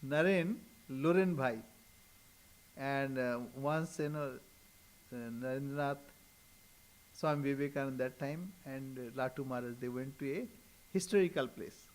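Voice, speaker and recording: An older man with an Indian accent, a swami answering questions in a gentle, unhurried talk with frequent soft chuckles. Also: mid-range voice. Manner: slow, gentle, chuckling often. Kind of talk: informal spiritual talk with questions.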